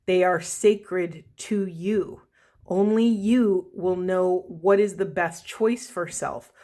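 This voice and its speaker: A woman's voice: medium pitch, a little mellow. A woman giving a spiritual tarot reading, talking in an earnest, rambling way with apologetic self-corrections while losing her voice. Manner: slow emphatic repetition of key phrases. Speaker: tarot reader.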